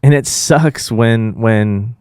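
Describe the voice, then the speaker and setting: A man's voice: mid-range voice, takes it slowly, warm tone, clear, resonant tone, no room sound, studio quality. Heated, profane male podcast host. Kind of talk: casual chat.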